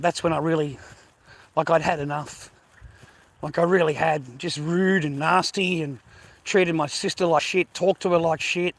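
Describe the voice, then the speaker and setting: A man from the United States talking casually to viewers while out walking, rambling, swearing often and repeating himself, sometimes dropping into hushed asides. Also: high-pitched. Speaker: vlogger.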